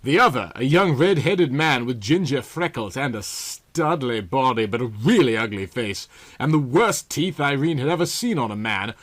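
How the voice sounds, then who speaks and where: A man's voice: medium pitch, expressive, moderate pace. A man giving a comedic reading of a novel, with a dry, mock-serious delivery. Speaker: reader.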